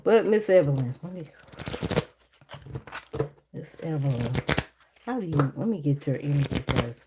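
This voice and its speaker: Deep-voiced woman chatting on a livestream. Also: animated, unhurried, pauses often, heavy background noise. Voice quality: naturally deep voice. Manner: chatty, laughs often, addresses viewers as y'all. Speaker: livestream tarot reader. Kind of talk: casual live-stream chat.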